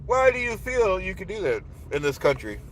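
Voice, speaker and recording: A man's voice: big pitch swings, normal speed, rough recording. A man putting on a boastful, bombastic streamer. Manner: grandiose, shouting rants with sudden pitch leaps. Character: boastful, self-important male live streamer, bombastic. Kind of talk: live stream parody rant.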